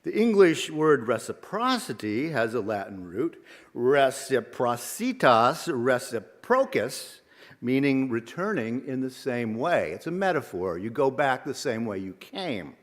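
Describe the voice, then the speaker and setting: Slow, measured man preaching in a hall. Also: medium pitch, big pitch swings. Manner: measured, reflective, asks rhetorical questions. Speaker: minister. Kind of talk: sermon. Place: church sanctuary. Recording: long reverb of a large hall.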